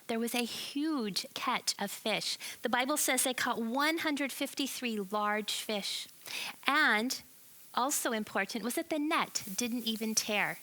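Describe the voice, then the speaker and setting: A woman telling a Bible story to children as a church lesson, animated and expressive, asking her listeners questions. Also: fairly high pitch. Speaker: children's ministry teacher.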